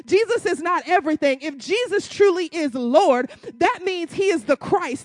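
High-pitched lady preaching hard, lots of questions, casual church talk, dry mic. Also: lively intonation, moderate pace, hardly any pauses, no echo. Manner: impassioned, rising to loud emphatic peaks; uses casual church vernacular, rhetorical questions. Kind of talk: sermon.

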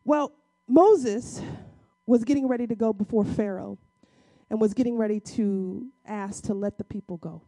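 A woman preaching a sermon in a conversational, emphatic way, acting out biblical dialogue in casual speech and using dramatic pauses. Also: mid-range voice, mellow, no echo.

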